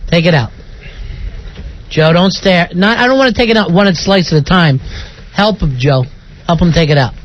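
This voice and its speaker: A man's voice: high voice, normal speed, long pauses. A man hosting a radio show from the studio, talking in an emphatic, indignant way, easily disgusted. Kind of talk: casual radio banter. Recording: dull lo-fi radio broadcast.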